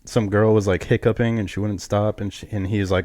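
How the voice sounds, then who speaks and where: Man, podcast co-host, laid-back casual chat, laughs a lot, low voice, dry sound. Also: flat delivery, brisk, few pauses, darkish tone, no echo. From southeastern Massachusetts.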